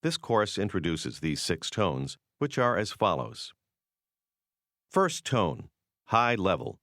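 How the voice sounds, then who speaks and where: A man with a very low voice narrates a language lesson in a measured, explanatory way. His pitch moves a lot as he explains, and the recording is dry and close. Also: sing-song, fairly bright tone, no room sound. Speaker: course narrator. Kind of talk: scripted language-course narration.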